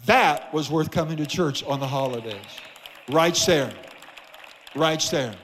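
A man's voice: a little high, unhurried, a bit bright, long reverb tail, some chatter behind. A man preaching a sermon as pastor in a church, emphatic with repeated phrases. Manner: emphatic, repetitive preaching cadence. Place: church sanctuary.

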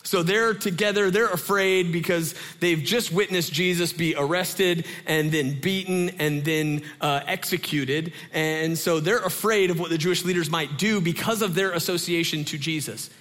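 Man, pastor, casual sermon, animated, lots of fillers, slightly high pitch. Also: moderate pace, hardly any pauses.

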